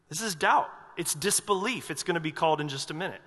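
Pastor guy preaching, high bright voice, fun storytelling, big echoey church. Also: brisk, hardly any pauses. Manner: humorous, animated storytelling. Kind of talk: sermon. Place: church sanctuary. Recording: reverberant hall.

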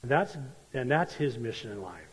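A man's voice: medium pitch, sing-song, moderate pace, husky. A male preacher delivering a sermon emphatically and repeating key points for stress. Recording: long church-hall reverb.

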